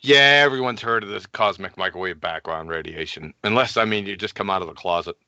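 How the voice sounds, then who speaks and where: A man's voice: sits low, fairly quick, pushed and bright, dry recording, lo-fi sound. A man presenting his slides on a group call, assertive and lecturing.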